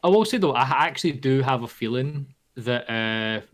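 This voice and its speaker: A man's voice: medium pitch, animated, moderate pace, fairly bright tone. A Scottish man co-hosting a podcast, chatting and laughing, breaking in with asides. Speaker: podcast co-host. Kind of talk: casual chat.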